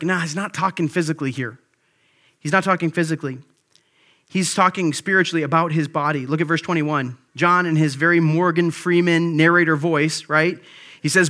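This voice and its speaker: A man pastor preaches in a relaxed, conversational manner and keeps checking in with his listeners. His voice sits high for a man and sounds bright and forceful. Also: brisk. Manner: conversational, with frequent "like" and "right?". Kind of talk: sermon.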